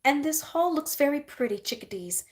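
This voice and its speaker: A woman voicing a bossy grown sister who talks in a brisk, commanding way. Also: high voice, animated, pitched above the performer's own voice.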